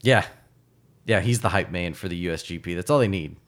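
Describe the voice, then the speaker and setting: Co-hosting a podcast, this man keeps the casual chat going with a dry, wry wit, his deep voice moving fairly quickly.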